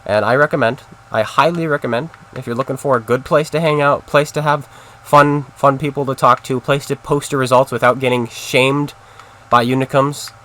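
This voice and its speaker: A man's voice: mid-range voice, fairly even intonation, normal speed, fairly bright tone. Guy rambling to his chat mid game, chill streamer talk. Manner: rambling, chatty, talks straight to his chat. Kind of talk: casual live-stream commentary.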